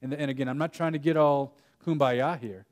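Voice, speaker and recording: In a mid-range, steady, darkish voice that runs a little fast, a young man from Texas leads a conference breakout session in a conference room. He's conversational, telling stories, laughing, and occasionally interrupting himself mid-sentence.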